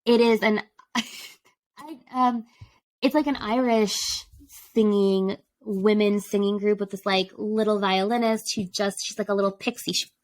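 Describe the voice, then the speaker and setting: A woman's voice: medium pitch, steady tone, a little slow, darkish tone, low-quality recording. A woman co-hosting a podcast in a casual chat, chatty and laughing often. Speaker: podcast co-host.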